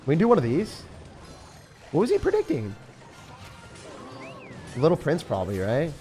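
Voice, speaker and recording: A young male streamer talks through his match, his pitch leaping and dipping with lively swings. He jokes with his viewers and breaks into loud outbursts of excitement. Faint music plays under his voice. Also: normal speed. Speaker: gaming streamer. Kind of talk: live gameplay commentary.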